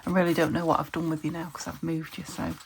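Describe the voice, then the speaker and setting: Low gravelly British woman chatting while crafting. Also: flat delivery, quick pace, a little hiss or hum. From United Kingdom. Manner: chatty, self-talking, searching for words. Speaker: craft vlogger. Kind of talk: casual chat while crafting. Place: home craft room at a desk.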